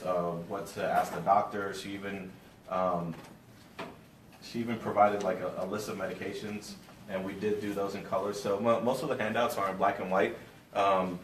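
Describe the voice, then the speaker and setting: A man organizing an event gives casual announcements and introduces the speaker, hesitating often with fillers. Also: low voice. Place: library meeting room. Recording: echoey room, distant mic, faint noise.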